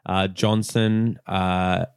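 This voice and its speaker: A man's voice: low voice, level tone, very slow, vocal fry, clear, resonant tone, no room sound, studio quality. A man hosting a casual fantasy football podcast, joking and steering the talk from one match to the next. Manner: jokey, leads the running order. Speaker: podcast host.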